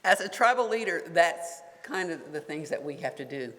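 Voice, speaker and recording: Guy telling a story at a symposium, wry and chuckly, kinda high voice, long hall echo. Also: lively intonation, moderate pace, bright, forceful tone. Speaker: tribal leader. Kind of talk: anecdotal speech at a symposium. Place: conference hall.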